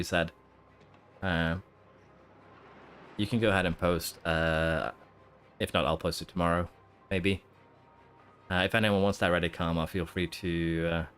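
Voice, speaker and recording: A man with a very low voice chats casually to his stream viewers, rambling and restarting his sentences as he thinks aloud. He is trying to hold in hiccups. Soft music plays faintly behind him. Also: fairly even intonation, moderate pace, pauses often. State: hiccuping and holding them in. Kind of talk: casual live-stream commentary.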